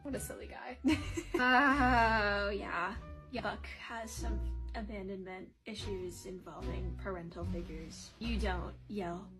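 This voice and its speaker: A woman giving casual reaction commentary on a TV show, excitable, laughing often and swearing freely. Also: medium pitch, takes it slowly, faint music behind.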